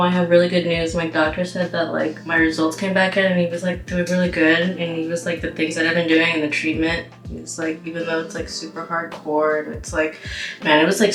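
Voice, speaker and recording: A woman's voice: low-pitched, flat delivery, a little fast. Rambling young woman, roomy sound. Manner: rambling, heavy use of "like" and "you know". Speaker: vlogger. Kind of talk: casual storytime while doing makeup. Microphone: camera mic. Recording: roomy echo with background music.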